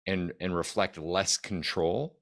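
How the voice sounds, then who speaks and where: A man's voice: deep voice, steady tone, slow, vocal fry, a bit bright. A man co-hosting a casual podcast who jokes, laughs easily and chimes in with his own take. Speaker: podcast co-host.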